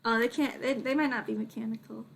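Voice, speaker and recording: A woman's voice: a little high, steady tone, quick pace, creaky, slight background noise. A woman narrating a casual tabletop game as game master, often laughing as she describes scenes.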